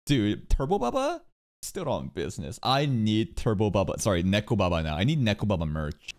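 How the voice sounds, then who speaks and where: A young man hosting an anime reaction video, talking in a sarcastic, excitable way and swearing freely. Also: fairly low pitch, brisk. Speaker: anime reaction channel host.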